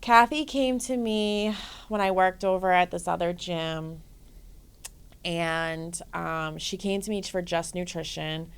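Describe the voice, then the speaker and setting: Brief: lower-pitched woman guest, fitness coach, lively and profane, chatty storytelling. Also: slow, smooth. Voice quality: profane, energetic, frequent "right?" and "like". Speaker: guest, bodybuilding and life coach. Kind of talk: casual storytelling interview.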